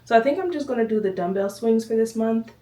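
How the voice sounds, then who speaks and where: A woman's voice: fairly high pitch, lively intonation, fast, warm tone. A woman vlogger chatting casually to camera at home, slightly out of breath, rambling and addressing viewers as y'all. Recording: echoey room, voice from a distance.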